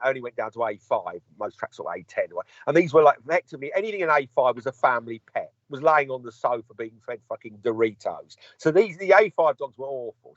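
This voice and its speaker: A man tells a rambling, sweary story as a podcast co-host, his pitch rising and falling in wide, lively swings. The sound is close and dry, with a dull, lo-fi tone. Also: no room sound. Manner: long-winded anecdotes, sweary, acts out quoted dialogue. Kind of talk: casual storytelling chat.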